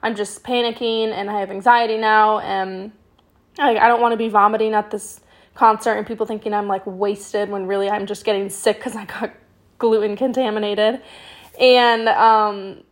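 A young adult woman hosting a podcast, telling personal stories in a casual, animated way, full of "like" and the odd swear word. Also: medium pitch, moderate pace. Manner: chatty and animated, with frequent "like", swearing and laughter. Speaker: podcast host. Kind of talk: casual storytelling monologue.

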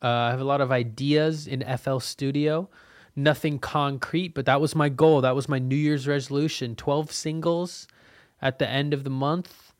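A man's voice: mid-range voice, steady tone, normal speed, dry recording, clean studio sound. A young man hosting a casual solo podcast, rambling and swearing with lots of fillers, cold and soaked. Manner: rambling and profane, frequent fillers; frustrated venting. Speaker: podcast host.

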